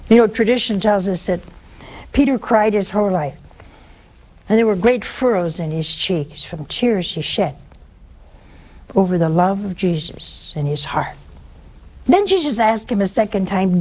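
A woman preaching a sermon in a conversational, dramatic way. Her pitch swings sharply, and she sometimes drops to hushed asides. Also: animated, unhurried, pauses often. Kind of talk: sermon to a live and broadcast audience.

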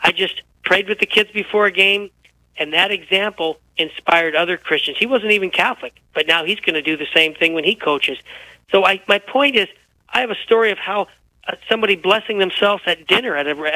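Man, high voice, bright tone, dry close sound, lively storyteller, a bit unwell. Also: brisk, no echo, poor audio. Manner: animated, tells anecdotes with quoted dialogue. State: unwell, feels physically poor. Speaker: guest author. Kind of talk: radio interview storytelling.

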